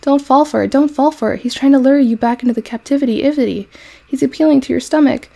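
Woman doing bossy storybook goose, loud high hollering, repeated words, mellow gravelly voice. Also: quick pace. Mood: excited urgent. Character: bossy excitable female farm goose.

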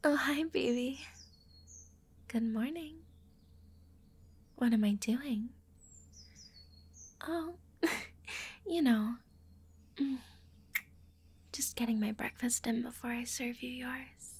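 A young woman's whispered role-play, airy and breathy, drawn out at a slow, lingering pace. Her delivery is intimate and teasing, with a fond, affectionate tone. Her voice sits a little high for a woman. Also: a little mellow. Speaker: audio role-play performer.

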